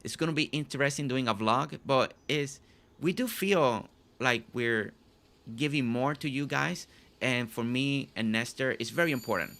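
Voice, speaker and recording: A man's voice: medium pitch, moderate pace, a bit bright. A man hosting a live game stream, chatting casually with viewers, often repeating and restarting his phrases.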